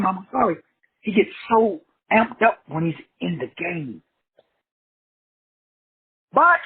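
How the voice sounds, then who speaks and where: Husky high-pitched man preaching on tinny audio. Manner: preachy, blunt and profane, addresses listeners directly. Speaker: host of a self-help show. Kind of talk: animated motivational monologue. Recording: tinny phone-like dry audio.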